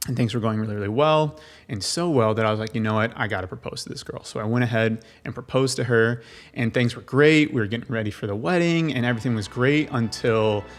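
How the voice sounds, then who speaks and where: Young male podcast host, mid pitch, rambling and stammery. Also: fairly quick. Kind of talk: casual chat.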